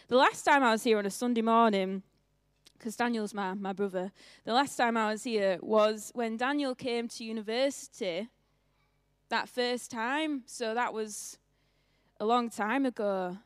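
A woman's voice: fairly high pitch, dry recording, clean studio sound. A young woman pastor with a northern English accent, giving a chatty, self-mocking sermon in church and laughing often.

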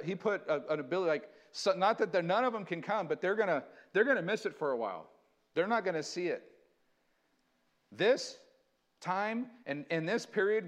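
A man preaching a sermon, switching between earnest conversational teaching and slow, dramatic scripture reading. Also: high voice. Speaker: pastor.

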